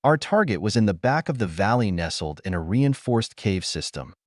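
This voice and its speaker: A man doing Mikhail, a gruff, bitter soldier. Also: fairly low pitch, sing-song, moderate pace, dry recording, studio quality. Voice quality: gruff, growling. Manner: blunt, bitter. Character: gruff battle-worn male soldier.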